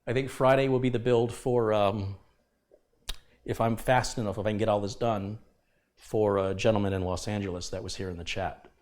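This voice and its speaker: A man's voice: on the low side, steady tone, moderate pace, a little mellow. A man hosting a live computer repair stream, talking casually but with passion and emphasis, lecturing his viewers. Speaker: livestream host. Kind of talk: casual livestream talk.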